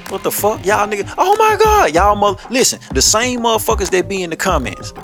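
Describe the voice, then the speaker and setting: A man's voice: high-pitched, a little fast, faint music behind. A man hosting a commentary show, ranting bluntly in profane street talk and telling stories with a lot of energy. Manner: blunt, heavy cursing, animated storytelling.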